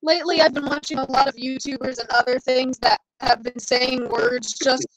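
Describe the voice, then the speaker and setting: A woman's voice: sits high, steady tone, moderate pace, soft background music, rough recording. A woman playing in a tabletop game, chatting casually and asking blunt questions about her options.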